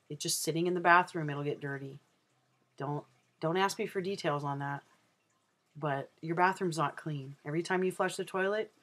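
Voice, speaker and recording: A man's voice: on the high side, fairly bright tone. A trans man talking casually in a personal video diary, rambling and candid with plenty of ums and uhs. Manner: rambling and unhurried, with many ums. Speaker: vlogger.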